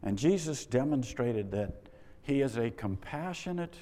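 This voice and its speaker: A man's voice: mid-range voice, lively intonation, unhurried, dark tone. A man preaching a sermon, with wry rhetorical questions and exasperated asides. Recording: long reverb of a large hall.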